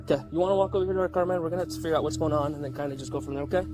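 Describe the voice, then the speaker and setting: A police officer on body cam, speaking calmly and reassuringly while detaining someone. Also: male voice, on the high side, over music. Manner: calm, reassuring, quick. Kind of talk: body cam on-scene talk.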